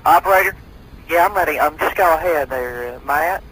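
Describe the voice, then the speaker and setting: A man's voice: a little high, brisk, a bit bright, slightly rough, rough recording. A man playing a bumbling police officer on a prank call, trying to sort out a dispute. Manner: bumbling, mediating.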